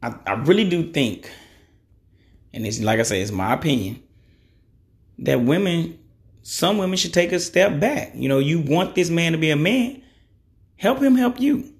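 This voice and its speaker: Gravelly-voiced blunt man in his thirties. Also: fairly high pitch, lively intonation, normal speed, pauses often. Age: 30s. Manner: blunt, cussing, conversational; frequent "you know" fillers. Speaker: podcast host. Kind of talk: opinion monologue.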